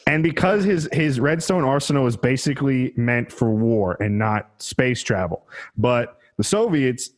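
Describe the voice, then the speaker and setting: A man's voice: medium pitch, a little slow. A man co-hosting a podcast who rambles through history with plenty of swearing. He keeps breaking into laughter at his own jokes. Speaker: podcast co-host. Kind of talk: casual comedic history chat.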